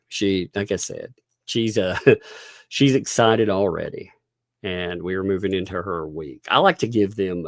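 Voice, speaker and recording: A middle-aged livestream host reads donations in a casual chat, chuckling often as he thanks each donor. His voice is on the low side, creaky, and darkish in tone, captured in a dry, studio-quality recording.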